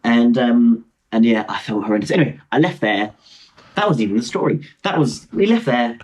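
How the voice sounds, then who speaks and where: Rambling young man, husky voice. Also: mid-range voice, brisk. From Britain. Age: 20s. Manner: animated, rambling, self-mocking, many restarts and asides. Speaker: podcast guest, motorcycle traveller. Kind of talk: casual storytelling chat. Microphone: video call.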